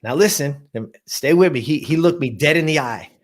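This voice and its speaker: A man's voice: a little high, moderate pace. A man in his fifties, a guest telling a personal story in an emphatic motivational style, repeating words and addressing the audience directly. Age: 50s.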